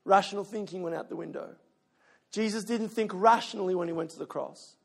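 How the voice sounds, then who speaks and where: A man's voice: high voice, brisk, gravelly. A middle-aged man, a pastor, preaching a sermon in a conversational, storytelling way, often repeating a word while he searches for the next. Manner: conversational storytelling, self-deprecating, repeats words when searching.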